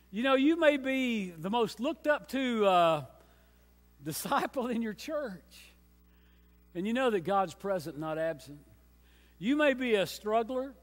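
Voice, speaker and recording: A man pastor preaching a sermon with emphatic, repeated refrains, swinging between hushed and loud passages. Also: sits high. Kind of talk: Easter sermon. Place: church sanctuary. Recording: long church reverb.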